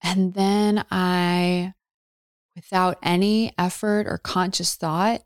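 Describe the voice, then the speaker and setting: Woman, podcast host, lowish voice, dry close sound; earnest storyteller with long pauses. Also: steady tone, clean tone, no echo. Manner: earnest, with drawn-out dramatic pauses and frequent "like". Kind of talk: personal storytelling.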